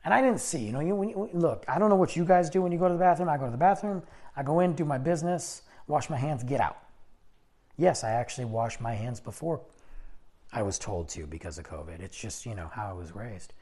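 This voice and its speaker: A man hosting a podcast, telling a personal story in a chatty, animated way and acting out what people said. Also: mid-range voice, brisk. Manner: animated, chatty, acts out other people's lines. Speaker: podcast host. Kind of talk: casual storytelling.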